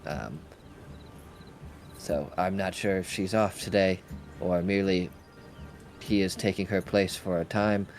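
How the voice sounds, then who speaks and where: A man's voice: low-pitched, steady tone, measured pace, pauses often, faint music behind. A man voicing a friendly, candid woman blacksmith who runs a shop and hesitates with lots of uhs and ums. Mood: helpful.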